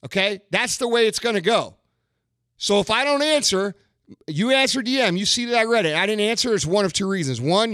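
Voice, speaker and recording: A man's voice: sits high, sharp tone, dry recording, studio quality. Profane, confrontational man ranting. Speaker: podcast host. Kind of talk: ranting monologue.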